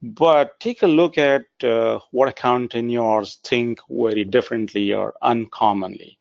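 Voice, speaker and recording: A man's voice: medium pitch, unhurried, gravelly, no echo. A man giving a webinar presentation in an earnest tone, with frequent filler sounds. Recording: dry, dull lo-fi webinar audio.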